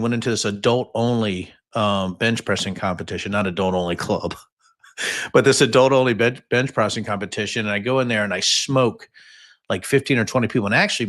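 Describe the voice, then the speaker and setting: A man's voice: lowish voice, fairly bright tone. A man in his fifties hosting a livestream, telling stories in a rambling, jokey way with many fillers and asides. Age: 50s. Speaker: podcast host. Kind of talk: casual livestream storytelling.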